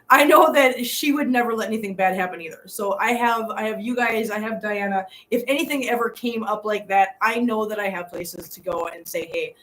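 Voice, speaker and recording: A woman's voice: mid-range voice, moderate pace, fairly bright tone, a little hiss or hum, low-quality recording. A middle-aged woman hosting a live stream from a hotel room. She talks earnestly and from the heart to her viewers and laughs often. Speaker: channel host.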